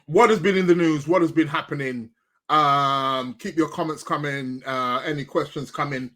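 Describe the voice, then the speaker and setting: A man's voice: a little high, normal speed, fairly bright tone. A man hosting a live astrology podcast, chatting casually with many fillers and restarts while eating. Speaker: podcast host. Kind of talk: casual live-stream chat.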